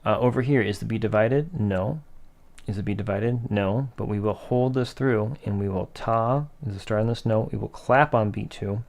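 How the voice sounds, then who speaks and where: A man's voice: lowish voice, normal speed, creaky, darkish tone. A man teaching a rhythm lesson in a patient, methodical way, asking questions and then answering them himself. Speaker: music teacher.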